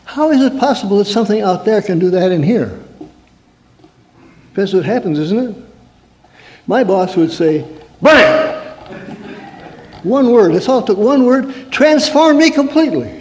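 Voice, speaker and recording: High-voiced man preaching in a reverberant hall. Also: lively intonation, normal speed, long pauses, a little mellow. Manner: storytelling, rhetorical questions, mock-angry asides. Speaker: counselor giving a talk. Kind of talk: humorous sermon talk to an audience.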